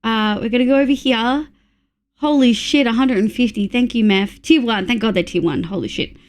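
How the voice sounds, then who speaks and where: A young Australian woman in her adult years talks with her stream audience in a casual live chat, full of excitement, curses, and thanks. Her voice sits on the high side, and her pace is normal.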